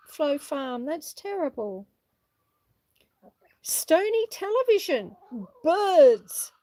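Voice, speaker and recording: A woman's voice: high voice, no echo. A middle-aged woman reading out viewers' comments and chatting casually as she walks around her farm. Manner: chatty, warm replies to viewers, frequent laughs. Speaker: homestead livestreamer reading chat. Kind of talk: casual live chat while walking. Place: outdoors on a farm.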